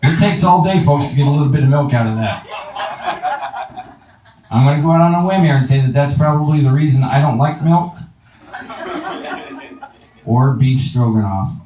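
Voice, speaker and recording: A man doing a stand-up comedy set in a club, delivering deadpan punchlines and casual crowd work. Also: mid-range voice, normal speed, pauses often. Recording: roomy live room, distant mic, faint noise.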